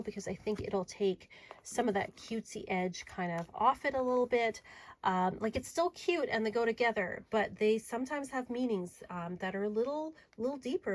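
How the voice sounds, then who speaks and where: An adult woman showing off her tarot and oracle decks in a casual video, chatty and enthusiastic, sometimes dropping to a soft murmur. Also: fairly high pitch, slight background noise, poor audio. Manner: chatty and enthusiastic, drifting to soft murmurs while handling cards. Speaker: tarot reader and deck reviewer. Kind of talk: casual show-and-tell video.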